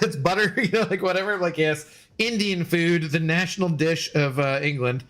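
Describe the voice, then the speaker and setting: Gaming streamer, male, slightly high-pitched, chatty and jokey, faint game music behind. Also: normal speed, a bit bright. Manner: jokey and chatty, laughing often, answering chat. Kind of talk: casual live-stream chat while gaming.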